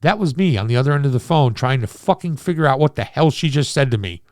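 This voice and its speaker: A man's voice: medium pitch, expressive, quick pace, no echo, studio quality. A man in his forties telling a rambling, profane dating story as a casual monologue. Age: 40s. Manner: rambling, profane, self-deprecating.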